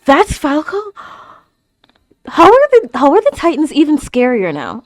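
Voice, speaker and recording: Reaction host, woman: high voice that swings wildly, gasping and stammering exclamations, dry close sound. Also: huge pitch swings, a little slow, long pauses, no room sound. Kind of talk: live anime reaction commentary.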